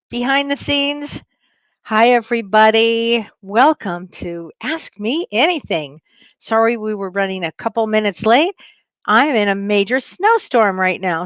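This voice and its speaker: A woman hosting a casual livestream from home, greeting viewers in a bubbly, effusive way and laughing often. Her voice sits at an ordinary middle pitch. The sound is dry and close, with no room echo. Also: a bit bright. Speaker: host and spiritual medium.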